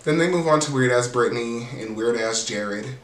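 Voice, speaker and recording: A man's voice: mid-range voice, normal speed, distant mic. A man hosting a casual, sassy reality TV recap, swearing freely and mimicking cast members. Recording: roomy, off-mic sound with faint background hiss.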